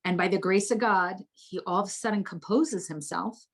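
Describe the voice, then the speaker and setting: A middle-aged New Jersey woman, appearing as a guest from her home, recounts her life story candidly and expressively, swearing casually. Her voice is medium-pitched and her pace normal.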